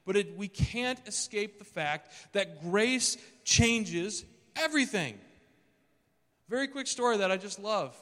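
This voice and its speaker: A man's voice: sits high, a bit bright, big-room sound. A man preaching a sermon in a conversational way, acting out the scripture quotes as he reads them. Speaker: pastor.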